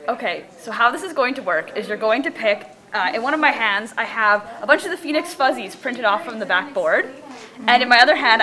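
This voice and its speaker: A woman's voice: a little high, bright, forceful tone. A woman hosting a casual group game, explaining the rules step by step in an upbeat way. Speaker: host.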